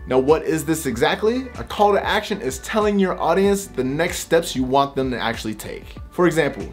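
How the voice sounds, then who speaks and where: A man's voice: on the high side, animated, moderate pace, soft background music. A man explaining how to script videos in a direct, conversational tutorial, talking freely from bullet points rather than reading. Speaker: YouTube creator giving tips. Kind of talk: casual talking-head tutorial.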